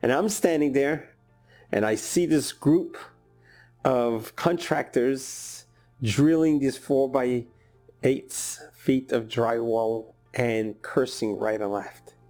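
A male rabbi delivers a sermon as a lively story, with his voice sitting at an ordinary middle pitch. Faint music plays softly underneath his words. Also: slow pace.

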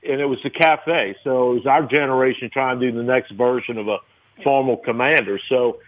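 A man's voice: medium pitch, steady tone, brisk. Guy in his 50s rambling thru restaurant stories, lots of "you know", tinny phone line. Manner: rambling, many fillers and acted quotes. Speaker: restaurateur guest. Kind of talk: casual interview storytelling.

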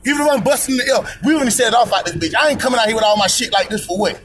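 A man's voice: very high-pitched, very fast, fairly bright tone, breathy edge, soft background music, low-quality recording. A man ranting in a heated, profane monologue, hammering points with repetition and rhetorical questions. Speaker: podcast host. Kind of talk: personal opinion monologue.

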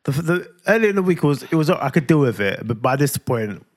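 A man's voice: a little high, very animated, brisk. A young man, co-hosting a casual podcast and chiming in with short, easygoing agreements. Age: young adult. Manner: laid-back, chimes in with short agreements. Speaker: podcast co-host. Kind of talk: casual chat.

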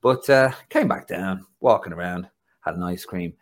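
A man with a Dublin Irish accent hosting a casual football podcast, telling stories with laughter and a chatty, animated manner. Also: low voice, normal speed. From Ireland. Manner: chatty storyteller, laughs through anecdotes. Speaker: podcast host.

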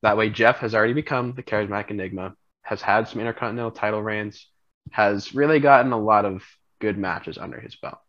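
Bright-voiced man rambling through a fantasy storyline. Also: lowish voice, brisk, lo-fi sound. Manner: rambling, animated storyteller, laughs often. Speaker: podcast co-host. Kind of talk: casual chat, pitching a storyline.

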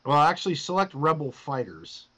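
A man's voice: fairly high pitch, big pitch swings, moderate pace, fairly bright tone, rough recording. A man hosting a podcast, casually coaching a guest through his game with loose, profane instructions. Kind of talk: casual chat.

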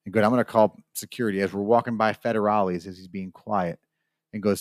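Speaking quickly in a lowish, steady voice, a male podcast co-host meanders through an anecdote during a casual chat and acts out its characters. The studio-mic audio is clean and free of echo.

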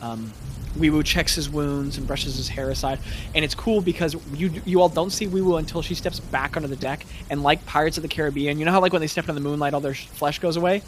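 A man's voice: fairly high pitch, quick pace, slight background noise. A man narrating a tabletop role-playing game as game master, in a loose, chatty way full of fillers.

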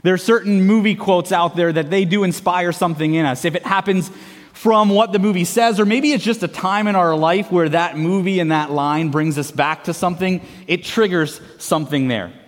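A man's voice: sits high, moderate pace. A man in his thirties, a pastor preaching a sermon and leading the congregation in playful call-and-response. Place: church sanctuary. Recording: long hall reverb of a church.

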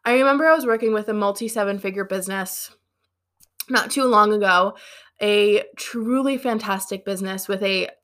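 A woman's voice: medium pitch, moderate pace. Woman coach, casual motivational talk, chatty and self-deprecating. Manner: chatty, animated, self-deprecating, many fillers. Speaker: business coach.

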